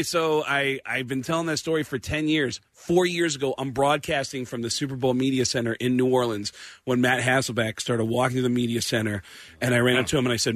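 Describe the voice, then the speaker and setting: A man, a stand-up comedian telling an animated story as a talk show guest, acting out the quotes. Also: medium pitch, brisk, no room sound. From New York. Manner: excitable, acts out quotes in jumping voices.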